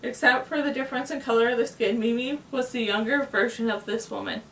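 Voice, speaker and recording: A woman reading a novel aloud in a plain, steady way, with small slips and restarts. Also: a little high, brisk, reverberant, recorded from a distance, a little hiss or hum, low-quality recording. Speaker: reader.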